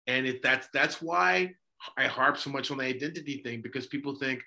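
An impassioned male priest talks through a podcast discussion, firing off rhetorical questions. His voice is bright and edged. His pitch sits in an ordinary middle range. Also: fairly even intonation, brisk, creaky. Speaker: Orthodox priest and podcast host.

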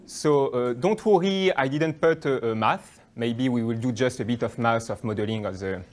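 A young adult guest lecturer from France, with a French accent and a medium-pitched voice at a moderate pace, gives a hesitant academic talk full of fillers and restarts.

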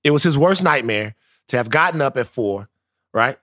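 A male podcast co-host from Louisiana telling stories in casual, profane, animated chat. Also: medium pitch, normal speed, no room sound, studio quality. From Louisiana, United States.

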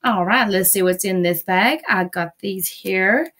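A woman's voice: mid-range voice, unhurried, a bit bright. Gushing woman showing off nail haul. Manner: gushing, repeats words, frequent fillers. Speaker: nail art vlogger. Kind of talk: casual haul video chat. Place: busy home with TVs and dogs.

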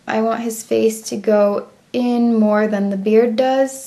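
A woman's voice: a little high, steady tone, slow, few pauses, mellow. A young woman talking through a drawing tutorial in a chatty, self-commenting voice-over, pacing her words to her drawing.

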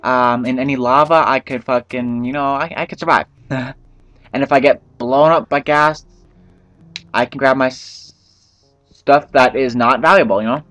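A young gaming channel host with a stuffy nose runs a casual, profane let's-play, laughing and talking to himself. His voice is medium-pitched, a bit bright, and steady at a moderate pace. The recording is dry, with faint game music behind.

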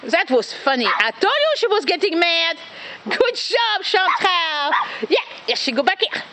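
High-pitched woman talking to her dogs. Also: very animated, unhurried. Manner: laughing, coaxing and scolding dogs. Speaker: dog owner filming her dogs. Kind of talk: casual home video commentary. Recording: noisy home video with dogs barking.

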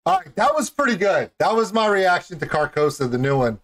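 A man chats through his reaction to a music video with a rambling, jokey energy. His pitch jumps up and down a lot, and he keeps laughing at his own tangents. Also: sing-song, fairly quick, hardly any pauses, fairly bright tone. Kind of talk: casual reaction commentary.

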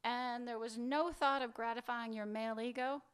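A biting, sarcastic wife with a high, sharp voice, as a male author reads her lines. She presses hard and mocks, cutting through every dodge in this dialogue from a literary reading. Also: steady tone, normal speed, clear, resonant tone. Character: sharp-tongued woman, wife, bitter and sarcastic. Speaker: fiction author reading aloud.

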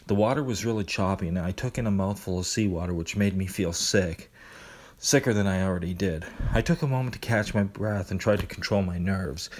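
A deep-voiced man tells a first-person horror story. His narration is relaxed and conversational, with small restarts. The voice sits very low.

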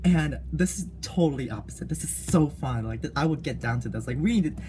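A young woman giving a gushing, animated fan reaction in a casual vlog. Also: sits low, fairly quick, background noise. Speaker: YouTube reactor.

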